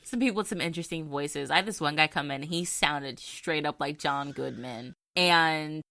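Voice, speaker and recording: A woman's voice: low-pitched, moderate pace, vocal fry, pushed and bright, no echo, clean studio sound. A woman co-hosting a podcast, telling stories in casual chat and giggling often. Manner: giggly, chatty storyteller. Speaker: podcast co-host.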